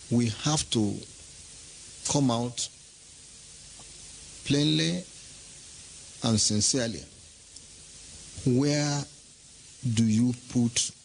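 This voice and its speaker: A man's voice: mid-range voice, slight background noise, rough recording. A man giving an impassioned political statement, emphatic and full of rhetorical questions.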